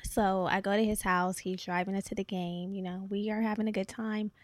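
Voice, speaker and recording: A young woman, co-hosting a casual podcast and telling a dating story with lively swearing. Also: medium pitch, fairly quick, dry recording. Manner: animated storytelling, swears freely. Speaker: podcast co-host.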